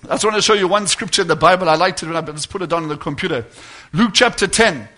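A man preaching a sermon, fervent and building to loud exhortation. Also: high voice, fast.

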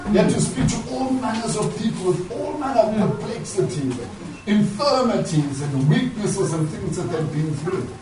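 A man's voice: high-pitched, lively intonation, normal speed, background noise. A man preaching a sermon, emphatic and repetitive, telling a story, in an echoey church heard from far off.

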